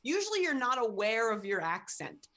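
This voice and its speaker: A woman's voice: on the high side, sing-song, moderate pace, pushed and bright. Laughing woman podcast co-host. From Philadelphia area, US. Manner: enthusiastic, laughs often, trained in acting. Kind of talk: casual chat.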